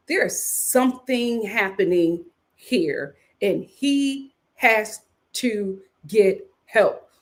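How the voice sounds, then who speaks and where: A woman vlogger recapping a reality show in a casual, animated, slangy way, with ums and sudden bursts of laughter. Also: mid-range voice. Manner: animated, chatty, swings between sighs and bursts of laughter; drawn-out slangy storytelling with filler ums. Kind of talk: casual commentary vlog.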